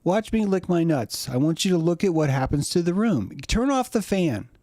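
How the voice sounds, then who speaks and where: A fussy, offended talking dog, put on by a man in a high, squeaky voice, lecturing its owner with crude, profane outrage. The sound is dry and close, with no room around it. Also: big pitch swings, normal speed, a little mellow, dry recording.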